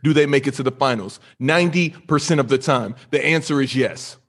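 A man's voice: medium pitch, brisk, fairly bright tone. A man co-hosting a heated sports debate show, insistent and repeating himself as he talks over others. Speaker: basketball debate co-host.

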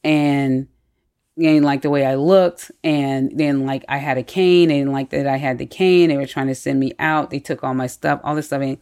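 A woman telling personal stories in a candid, animated way during a casual conversation. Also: very deep voice, normal speed, clean tone.

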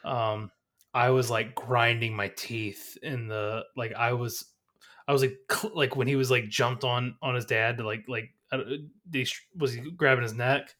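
A man's voice: mid-range voice, steady tone, a little slow, fairly bright tone. A man co-hosting a movie podcast, talking in casual review chat and rambling through many restarts. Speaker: podcast co-host.

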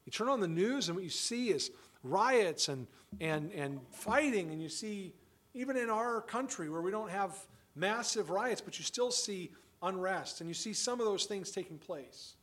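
Male pastor, high voice, emphatic sermon delivery with rhetorical questions. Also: expressive, moderate pace, fairly bright tone. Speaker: father of children.

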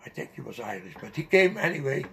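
An older man slowly recounting a personal memory in an interview, halting often with fillers and restarts. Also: mid-range voice, big pitch swings, vocal fry, sharp tone, slight background noise. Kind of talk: personal storytelling.

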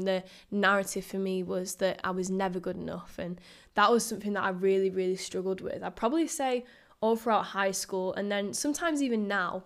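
A woman, hosting a casual solo podcast in a chatty, upbeat, motivational way. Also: medium pitch. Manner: upbeat, chatty, motivational, quick bursts of excitement. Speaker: podcast host.

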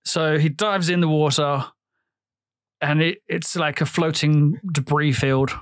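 A man's voice: fairly high pitch, steady tone, measured pace, no echo. Chatty swearing British man, dry mic. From Britain. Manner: chatty, swears freely, retells scenes with funny voices. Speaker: podcast co-host. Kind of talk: casual chat.

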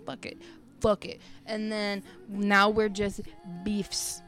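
A woman's voice: medium pitch, monotone, slow pace, a bit bright, soft background music. A woman co-hosting a casual chat podcast, bubbly, giggly and playful. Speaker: podcast co-host.

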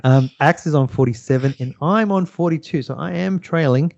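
A man hosts a game segment on a podcast in easygoing, casual chat. He drifts through fillers and little laughs, and his voice is soft and mellow. The audio sounds slightly dull and very dry. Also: fairly high pitch, normal speed, creaky, no room sound. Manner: laid-back, with frequent fillers and chuckles.

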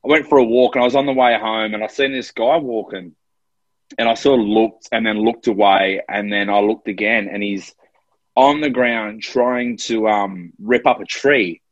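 A man's voice: on the low side, steady tone, moderate pace, no echo, muffled recording. An Australian man co-hosting a podcast, telling a personal story in an earnest, emotional way. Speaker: podcast co-host. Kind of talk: casual chat. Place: Melbourne, in lockdown.

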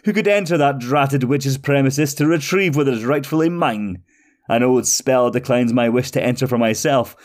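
Man voicing a wicked wizard, gloating, high theatrical voice, storybook villain. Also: lightly acted. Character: gleeful wicked male wizard, cackling and gloating.

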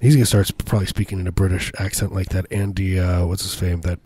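A husky, mellow-voiced man rambles through silly riffs as a radio co-host. He talks low and laughs easily. The sound is close and dry. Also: level tone, fast, no echo. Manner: rambling, giggly absurd riffs. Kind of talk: joking casual banter.

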